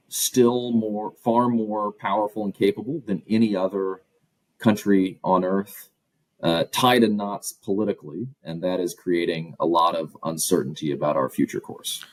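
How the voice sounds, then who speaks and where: Guest academic, male, low husky voice, measured and analytical. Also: darkish tone, dry recording, low-quality recording. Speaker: guest author and professor. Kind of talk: interview answers.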